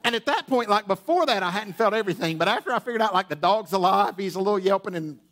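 A high-pitched male pastor tells a funny personal story from the pulpit of a church auditorium. He stumbles through restarts and drops playful asides to the congregation. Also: quick pace. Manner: humorous, animated storytelling with many restarts. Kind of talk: storytelling sermon. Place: church auditorium with sound booth.

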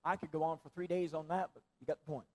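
A man preaching a sermon in a church, repeating phrases for emphasis and swinging between loud stress and near-whispers. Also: on the high side, little pitch movement, fast.

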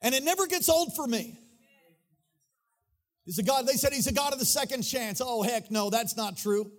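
A male pastor preaches to his church through a microphone, his voice sitting high for a man. He builds fervent, sing-song runs of repeated phrases and calls out to the congregation. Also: lively intonation, normal speed. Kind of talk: sermon. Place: church sanctuary. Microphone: handheld or stage mic.

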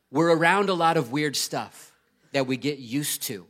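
A male preacher in his thirties delivers a sermon in a slightly high voice. He talks earnestly and with emphasis, swelling to loud urgent bursts, then sinking quiet for the scripture passages. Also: unhurried. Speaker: pastor.

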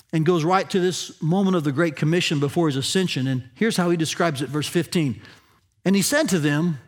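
A male pastor preaching a sermon, rising in emphasis on key points and slowing down to stress phrases. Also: high voice.

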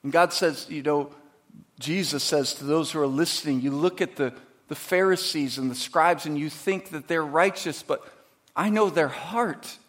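A pastor delivering a sermon, moving between quiet, conversational asides and loud, emphatic preaching, acting out quoted voices. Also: male voice, fairly high pitch, normal speed. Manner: acts out quoted voices dramatically.

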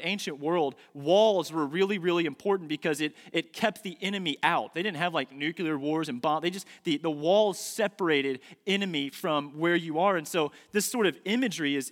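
A man in his thirties preaching a sermon in a church, stressing key words by repeating them slowly. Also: high voice, fairly bright tone. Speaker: pastor. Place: church sanctuary. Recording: long reverb of a large hall.

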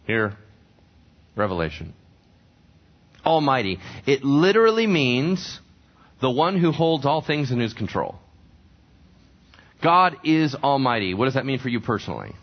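Animated male preacher, lively pitch. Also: highs cut off. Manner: animated preaching, asking the congregation questions and answering them. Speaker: pastor. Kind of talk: sermon teaching from scripture.

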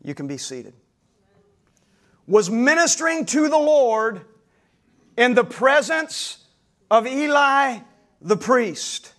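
A male pastor delivering a dramatic sermon. His voice is very high and full of pitch swings. He moves from near-whispers to shouts. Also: sing-song, slow pace, long pauses. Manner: dramatic, shifting between hushed and shouted.

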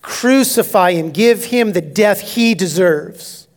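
A male pastor preaching an expository sermon, emphatic, swinging between loud declarations and hushed, near-whispered asides. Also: high voice, lively intonation, slow.

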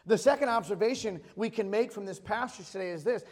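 High-voiced man preaching in a reverberant hall. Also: brisk, few pauses. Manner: casual, storytelling, repeats phrases for emphasis. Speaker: pastor. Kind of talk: conversational sermon.

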